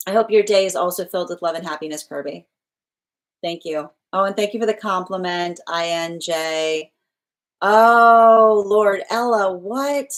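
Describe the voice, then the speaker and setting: A woman hosting a tarot livestream in casual chat, reading out viewer comments and warmly thanking people by name. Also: fairly low pitch. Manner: chatty and affectionate, thanks viewers by name, laughs often.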